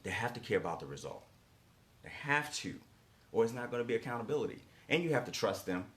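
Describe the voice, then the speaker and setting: A man's voice: mid-range voice, big pitch swings, fast talker, fairly bright tone. A man giving a motivational coaching talk, emphatic and repetitive, often checking in with rhetorical questions. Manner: emphatic, repeats key lines, rhetorical "right?" checks.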